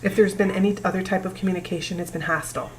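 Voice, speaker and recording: A woman in her forties talking to camera about her family's past, emotional and halting, pausing often. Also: fairly low pitch, steady tone, background noise. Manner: emotional, halting, breaks down at times. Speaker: vlogger. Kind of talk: personal talk to camera.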